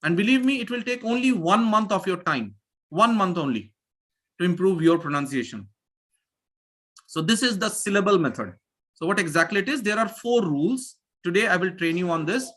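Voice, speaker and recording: Lively teacher on a video call. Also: male voice, high voice, moderate pace. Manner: energetic, repeats phrases to drill students. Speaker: English pronunciation teacher. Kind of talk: live online class teaching.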